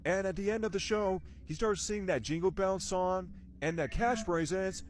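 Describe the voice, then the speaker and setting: A man's voice: sits high, moderate pace, hardly any pauses, slight background noise. A man, chatting casually to viewers in a rambling monologue and asking them questions. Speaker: vlogger.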